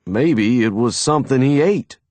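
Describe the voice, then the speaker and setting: A man's voice: mid-range voice, animated, moderate pace, a little mellow, no room sound, close to an everyday voice. A man playing a meek henpecked dad. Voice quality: meek, resigned. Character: meek henpecked middle-aged father.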